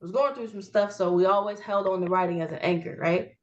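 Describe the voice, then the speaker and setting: A woman's voice: medium pitch, quick pace, dull audio. A young adult woman, an author guest, telling her story in a casual, slangy interview chat and acting out past conversations. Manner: animated storyteller who reenacts conversations in a raised voice; informal slangy phrasing.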